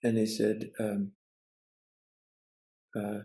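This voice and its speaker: An older man with a gravelly, mellow, low voice tells a story. He talks haltingly, with pauses and restarts, heard through a video call mic. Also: little pitch movement, poor audio. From United States. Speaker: Zen teacher and cook. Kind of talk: casual storytelling.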